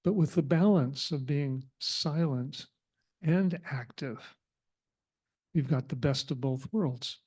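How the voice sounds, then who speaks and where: Slow, mellow-voiced man giving a sermon. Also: a little high, slightly rough. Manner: slow, reflective, with thoughtful pauses. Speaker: spiritual community speaker.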